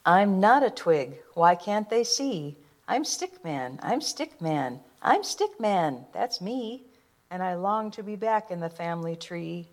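A woman's voice: lowish voice, very animated, takes it slowly. A woman voicing Stickman, a small earnest stick man, in a storybook reading, repeating a sing-song refrain. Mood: pleading.

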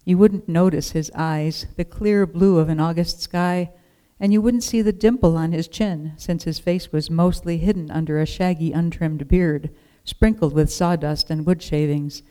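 A storyteller reading a storybook aloud in a calm, measured way. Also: medium pitch, clean tone.

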